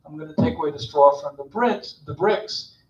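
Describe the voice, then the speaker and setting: A man's voice: on the high side, moderate pace, a little mellow, close to an everyday voice. A man doing an indignant blustering pharaoh. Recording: distant, echoey, dull.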